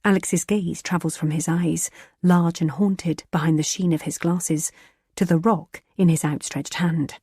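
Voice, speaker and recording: A woman reading a thriller audiobook in a tense, measured narrating style. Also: lowish voice, steady tone, warm tone, husky, no room sound, clean studio sound.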